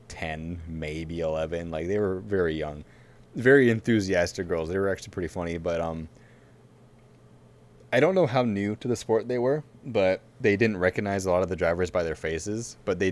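A man co-hosts a podcast, talking in a very low voice. He rambles through a story with plenty of fillers. He breaks into laughter now and then. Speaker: podcast co-host. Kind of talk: casual chat.

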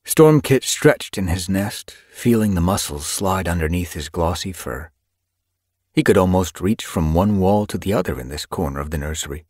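A man narrating an audiobook with expressive storytelling. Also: low-pitched, no room sound, clean studio sound. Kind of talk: scripted narration.

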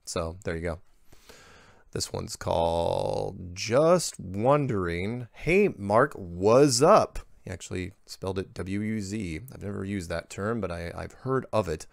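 A man hosting a show, reading viewer emails aloud and answering them in a halting way, often restarting his sentences. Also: low voice, creaky, darkish tone, dry recording, studio quality. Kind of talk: casual reading and commentary.

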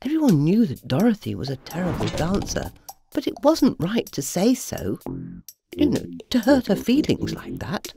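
A woman, a children's author, narrating a bedtime story in a playful, animated manner. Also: on the low side, moderate pace, creaky. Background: soft music.

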